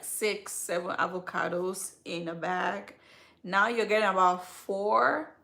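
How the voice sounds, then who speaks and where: A woman's voice: medium pitch, fairly bright tone. A woman hosting a skincare live stream, chatting casually and straight to her viewers with slangy asides. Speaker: skincare channel host.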